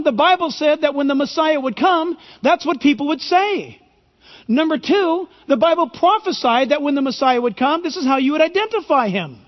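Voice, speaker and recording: A male pastor preaching a sermon, emphatic and full of rhetorical questions. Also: very high-pitched. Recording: reverberant hall, dull lo-fi sound.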